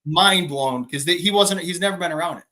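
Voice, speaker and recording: Bright-voiced man telling a lively story. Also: a little high, brisk. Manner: animated storyteller, acts out quotes loudly. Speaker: podcast co-host. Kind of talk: casual storytelling chat.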